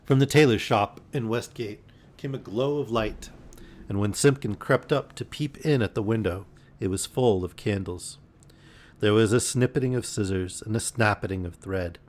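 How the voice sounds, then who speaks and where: A man reading a storybook aloud in a gentle, unhurried bedtime manner on a live stream. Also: on the low side.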